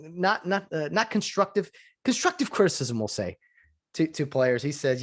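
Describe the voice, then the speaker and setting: A man's voice: a little high, expressive, measured pace. A man hosting a solo podcast, rambling through opinions with frequent restarts and asides. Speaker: podcast host.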